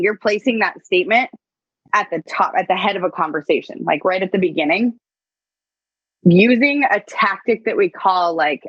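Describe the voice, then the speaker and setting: A blunt woman lays down sales rules with emphatic, profane force. Her mid-pitched voice comes through dry and close, with a slightly dull, muffled tone. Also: breathy edge, dry recording. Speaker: sales coach. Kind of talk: casual coaching chat.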